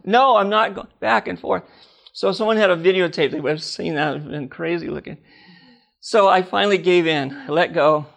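Gravelly high-voiced older male preacher. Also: a little fast. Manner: animated storytelling, laughing, acting out dialogue. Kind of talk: personal testimony sermon.

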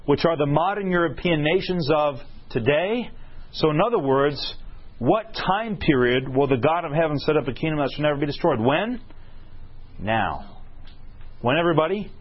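A man's voice: a little high, lively intonation, fairly quick. A man preaching a sermon, telling a story and asking his listeners questions that he answers himself. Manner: asks the crowd questions and answers them himself. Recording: husky, dull lo-fi recording.

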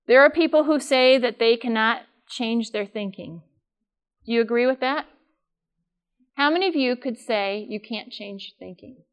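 A woman's voice: fairly high pitch, a little slow, clean tone. An older woman giving a live talk to an audience in a room, chatty and asking them questions. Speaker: speaker at a workshop.

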